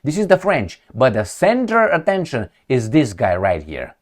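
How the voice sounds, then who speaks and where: A political commentator mocks news headlines with emphatic opinions, often repeating himself for effect. His medium-pitched voice swoops wildly and moves at normal speed.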